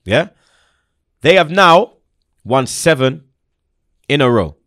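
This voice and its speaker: Speaking slowly in a slightly high voice, a young football fan show host goes off about football in heated, casual talk. His delivery is lively and up-and-down, thick with street slang and emphasis, recorded close and dry without any echo.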